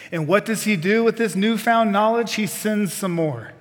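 A man delivers a sermon in a fairly high voice, pressing the congregation with direct questions and folksy asides. His words ring out with the long reverb of a church sanctuary. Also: moderate pace, hardly any pauses. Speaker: preacher.

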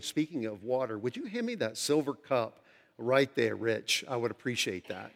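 A man's voice: medium pitch, expressive, creaky. Preaching man in a reverberant church. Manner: earnest preaching, slows down to stress key phrases; conversational asides with the congregation. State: parched, dry throat. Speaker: pastor. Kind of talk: sermon. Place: large church sanctuary. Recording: long hall reverb from a large church.

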